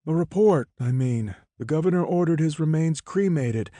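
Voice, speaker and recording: A man's voice: on the high side, expressive, normal speed, mellow, no room sound, pitched above the performer's own voice, natural voice. A man voicing a callous, dismissive male official over a radio in a horror audiobook. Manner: offhand, dismissive.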